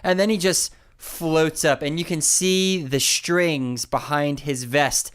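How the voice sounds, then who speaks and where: A man with a fairly high, smooth, clear voice chats on a podcast. He recaps in careful detail and likes to walk through each moment of the scene. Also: fairly even intonation, takes it slowly, a bit bright. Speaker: podcast co-host. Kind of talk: casual chat recapping a sitcom episode.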